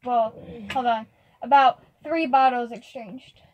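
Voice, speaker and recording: A woman with a high voice runs a tabletop game as game master. She narrates casually, pausing often and stumbling over her words as she goes. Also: lo-fi sound, slight background noise. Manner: casual, hesitant, filler-heavy narration.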